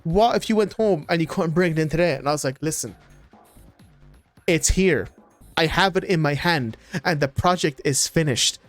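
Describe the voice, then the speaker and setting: A young Irish man in his twenties streams and tells animated stories in casual chat, laughing often. His voice is fairly high pitched at normal speed, with soft music in the background.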